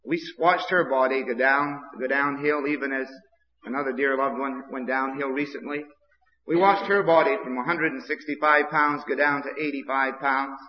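A man's voice: medium pitch, steady tone, normal speed. A man from Maine, preaching a sermon in a repetitive, impassioned way that builds to outbursts. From Maine, USA. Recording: dull old recording with long hall reverb.

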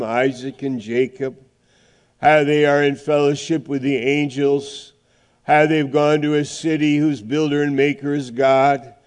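A middle-aged man preaching a sermon, emphatic, with dramatic pauses and swings from loud to hushed. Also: medium pitch, clean tone.

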